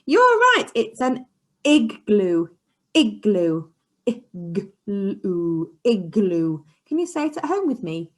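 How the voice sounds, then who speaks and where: A woman teaching a phonics lesson to young children in an encouraging, sing-song way, sometimes dropping to a soft whisper. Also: mid-range voice, sing-song, slow pace. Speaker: early years teacher. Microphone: camera she sets up herself.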